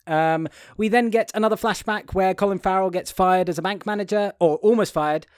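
A man in a relaxed chat about a film, his voice sitting a little high and close to the mic in a dry, dead space. He stumbles and restarts, then bursts into lively impressions of what the characters say. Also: brisk, clean tone, no echo. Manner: animated, acts out quotes in high silly voices; hesitant restarts. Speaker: podcast co-host. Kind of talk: casual film discussion.

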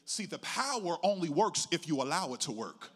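A middle-aged male pastor preaching a sermon, telling his own story in a sing-song preaching cadence that swells from hushed to loud. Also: on the high side, big pitch swings, moderate pace.

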